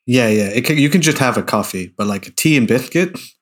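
A man co-hosting a podcast, bantering with jokes and quick back-and-forth. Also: mid-range voice, lively intonation. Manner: jokey, quick banter, laughing along. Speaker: podcast co-host. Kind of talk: casual chat.

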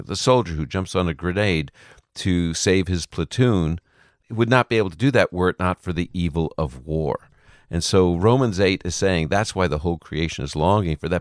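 A man's voice: sits low, dry recording, studio quality. A man from the United States, a Bible teacher, giving thoughtful explanations as a radio guest. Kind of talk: radio interview.

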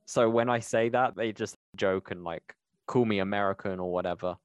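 Deep voiced guy chatting on a podcast, laid back, lots of likes. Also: moderate pace, clear, resonant tone, dry recording. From United Kingdom. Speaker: podcast co-host, pitch team member. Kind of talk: casual podcast chat.

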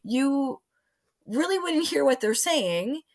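Animated woman acting out quotes. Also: high voice, takes it slowly. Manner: expressive, acts out quoted voices. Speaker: sex educator and relationship coach. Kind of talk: animated interview talk.

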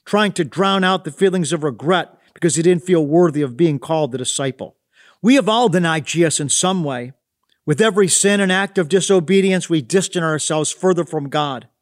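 A man with a notably high voice reading a devotional reflection. His tone is earnest and thoughtful, like a short read sermon. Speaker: devotional host.

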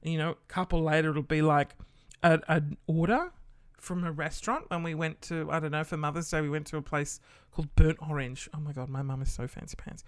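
A man's voice: fairly high pitch, steady tone, a little fast, hardly any pauses, clear, resonant tone, no echo, clean studio sound. An Australian man rambling through a casual story, swearing now and then and full of fillers.

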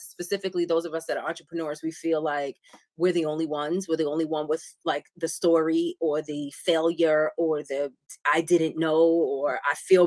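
A woman's voice: on the low side, dry recording. Encouraging woman podcast host, dry sound. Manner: warmly affirming, encouraging responses. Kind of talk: casual interview chat.

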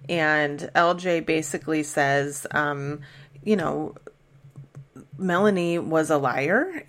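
Low-voiced woman chatting through a recap. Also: a bit bright. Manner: chatty, many fillers and restarts. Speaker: podcast host recapping a TV show. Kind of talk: casual recap chat.

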